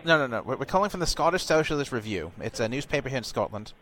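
A man's voice: medium pitch, sing-song, fast talker, a bit bright, a little hiss or hum. A man playing a pompous retired British colonel who stammers and gets indignant when doubted. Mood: blustering. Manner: stammering, indignant, easily flustered. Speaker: prank caller posing as a reporter.

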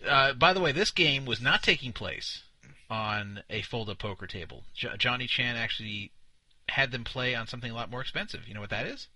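A man's voice: medium pitch, a little fast, sharp tone, dry recording, poor audio. A man co-hosting a podcast, mocking a video in casual commentary and laughing often. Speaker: podcast co-host.

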